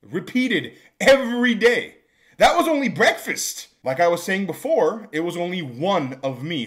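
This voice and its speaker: A man telling a storytime vlog about a job, exasperated and ranting. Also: a little high. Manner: exasperated, builds to shouting rants. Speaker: vlogger telling a work story. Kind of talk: storytime monologue.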